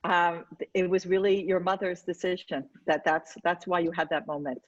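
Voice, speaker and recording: In a dull, dry lo-fi recording with no room sound, a female educator speaks as an interview guest, pressing her case emphatically and persuasively in conversation. Her lowish voice keeps a level tone at normal speed.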